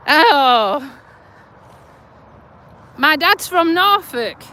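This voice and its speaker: Outspoken Yorkshire-accented woman, casual walk-and-talk vlogger, bright high voice, lots of swing. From Lincolnshire, England. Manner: blunt, chatty, mild swearing. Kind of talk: casual walking vlog. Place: outdoors walking a dog by a road.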